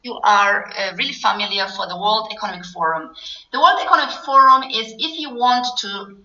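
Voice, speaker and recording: A woman's voice: mid-range voice, brisk, bright, forceful tone, a little hiss or hum. A woman business coach giving an earnest, explanatory talk that addresses her audience directly. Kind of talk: motivational webinar talk. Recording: echoey, dull lo-fi sound.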